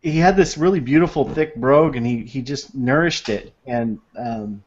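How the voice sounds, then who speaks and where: A man in a relaxed podcast chat, spinning anecdotes and breaking into laughter. His voice sits at an ordinary middle pitch. The recording sounds dull and lo-fi. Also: moderate pace. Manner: storytelling, laughs often, acts out quoted voices. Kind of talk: casual chat.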